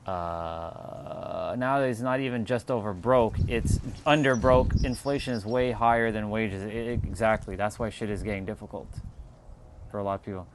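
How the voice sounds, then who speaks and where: A man's voice: lowish voice, moderate pace, noisy background. A man from Canada, chatting casually on a livestream, rambling and restarting his words as he answers chat. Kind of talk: casual live-stream chat.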